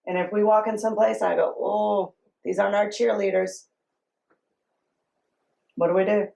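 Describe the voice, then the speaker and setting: Gravelly-voiced mother, halting storyteller. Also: mid-range voice, steady tone, warm tone, poor audio. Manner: halting, personal storytelling with pauses. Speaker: mother of a transgender child. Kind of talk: documentary interview storytelling.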